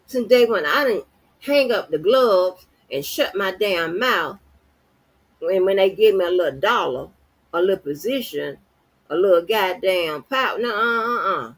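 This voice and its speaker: A husky woman rants at her viewers in an angry, unscripted livestream. Her pitch swings widely as she curses and confronts people. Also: lively intonation, a little slow, low-quality recording. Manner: profane, heated, confrontational. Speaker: livestream host.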